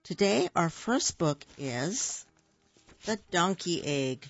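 A woman hosting a radio reading service, reading a children's picture book aloud in a clear, expressive storytelling manner. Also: on the low side, slow. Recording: dull dry studio recording.

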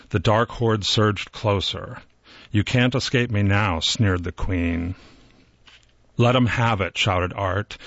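Male storybook narrator, lower voice, dry and slightly dull recording, gently voices the characters. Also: dry recording.

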